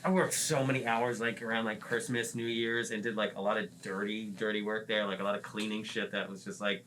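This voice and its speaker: Male comic guest, bright tone, loose profane storyteller. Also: on the low side, level tone, brisk, a little hiss or hum, poor audio. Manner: rambling, profane, full of "like" fillers. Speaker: comedian guest. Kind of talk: casual storytelling.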